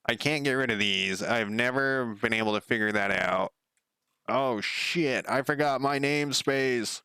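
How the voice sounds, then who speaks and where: A man's voice: medium pitch, unhurried, bright, forceful tone, clean tone, dry recording. A man giving rambling, profane casual commentary while coding on a live stream, laughing at himself. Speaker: game developer streaming his work.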